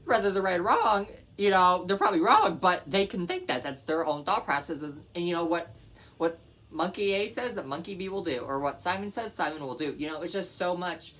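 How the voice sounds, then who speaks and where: A man's voice: high voice, a bit bright. A man vlogger giving blunt, matter-of-fact opinions to camera, with some profanity.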